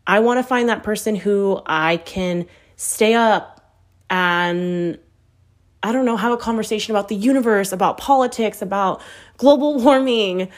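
A woman in her thirties talks straight into the mic with a brash, unfiltered manner, swearing freely and sharply quoting her own earlier words. Her voice sits in a middle pitch, neither high nor low. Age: 30s. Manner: brash, profane and blunt, with quoted asides. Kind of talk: candid storytelling chat.

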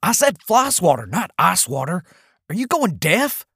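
A man plays a grouchy old husband who barks and curses in a raised, strained voice, lively and husky. He drops to a sour mutter under his breath. It sounds dry and close. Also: sits high, very fast, no echo, pitched above the performer's own voice, full character voice. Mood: angry shouting. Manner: yelling, cursing, muttering. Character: cranky older husband, bad hip.

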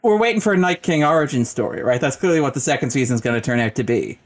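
A man's voice: mid-range voice, expressive, quick pace. A man co-hosting a casual film podcast over a video call, wry and enthusiastic about movies. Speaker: podcast co-host. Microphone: remote video call.

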